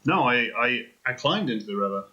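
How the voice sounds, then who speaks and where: A man playing his character in a tabletop game, speaking in a hesitant, halting way. The audio is dull and lo-fi. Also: medium pitch, expressive, sharp tone, soft background music.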